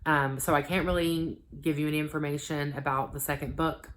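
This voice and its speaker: A woman in her thirties chatting casually about the books she read, full of ums and likes, getting animated when she quotes conversations. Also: deep voice, brisk, slight background noise. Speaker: book vlogger. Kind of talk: casual book review chat.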